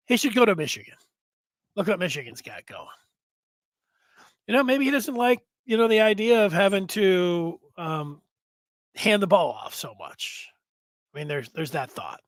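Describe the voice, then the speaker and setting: A man hosting a sports show, talking through his opinions in a rambling, animated monologue full of self-corrections. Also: high voice, normal speed, pauses often, no room sound. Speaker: sports podcast host. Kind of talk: casual sports commentary monologue.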